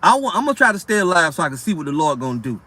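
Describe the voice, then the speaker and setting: A man's voice: on the high side, big pitch swings, bright, forceful tone. A man preaching in a casual, blunt way, reading scripture aloud and breaking into profane, streetwise commentary. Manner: reads verses aloud slowly between rants.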